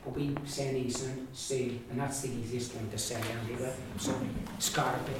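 Donegal-accented language teacher, repetitive and patient, distant mic in a boomy classroom with noise. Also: fairly even intonation, normal speed. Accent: Donegal Irish. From Donegal, Ireland. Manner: patient and repetitive, says each word several times, with asides and small laughs. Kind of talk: pronunciation class, teacher models words for the class to repeat. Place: large echoey classroom with a group of learners. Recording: echoey room, distant mic, background noise.

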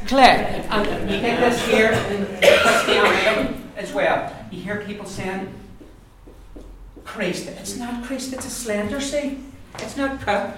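A language teacher giving a classroom pronunciation lesson to a group of learners, repeating words over and over and explaining patiently. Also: medium pitch. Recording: very echoey room, far from mic, noisy.

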